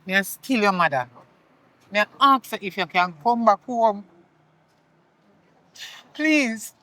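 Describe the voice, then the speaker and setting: Actress as a Jamaican mom, strict but sorry, pleading Patois, mid pitch. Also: female voice, moderate pace, sharp tone, no echo, lightly acted. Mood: pleading, remorseful. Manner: pleading, apologetic, heavy Patois. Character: strict, remorseful middle-aged mother. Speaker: mother. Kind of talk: film drama acting.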